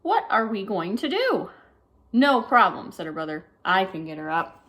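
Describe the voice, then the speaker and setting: A woman reads a silly children's picture book aloud. Her pitch swings widely, climbing high for the characters' lines and dropping low for the narration. She stops now and then to point out what is happening in the pictures. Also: moderate pace. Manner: lively, animated read-aloud with asides about the pictures. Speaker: storybook reader.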